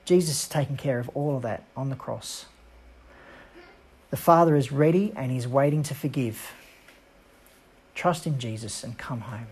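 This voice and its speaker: A woman preacher giving an earnest, emphatic sermon with dramatic pauses. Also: low-pitched, warm tone, breathy edge.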